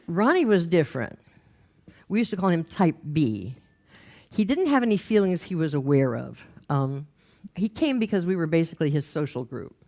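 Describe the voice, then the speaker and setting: A woman's voice: lowish voice, very animated, normal speed, dark tone. An older woman telling a personal story in a wry, conversational way. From raised in Los Angeles. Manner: wry, conversational, acts out quoted voices. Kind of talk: storytelling talk.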